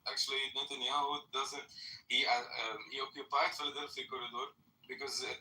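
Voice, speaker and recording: A man talks hesitantly in a loose group debate, full of fillers and restarts. His voice is very bright and sits back from the mic in a roomy space, with faint noise behind him. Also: mid-range voice, level tone, brisk. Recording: roomy sound from a distant mic.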